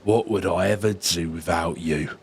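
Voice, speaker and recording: A man voicing a crude, threatening male wolfman in a game, speaking slowly with a gruff growl. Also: low-pitched, voice pushed down. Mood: menacing.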